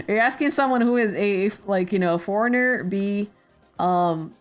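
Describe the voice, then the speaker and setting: A woman's voice: mid-range voice, moderate pace, soft background music. A woman streamer chatting casually while she draws, rambling with many fillers and hesitations. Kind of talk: casual chat while drawing.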